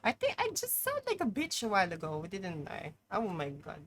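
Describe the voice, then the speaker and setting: A woman's voice: mid-range voice, huge pitch swings, normal speed, a bit bright, a little hiss or hum, low-quality recording. A woman streamer talking through a live game, exclaiming, swearing and poking fun at herself. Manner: swearing, exclaiming, self-mocking. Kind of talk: live gameplay commentary.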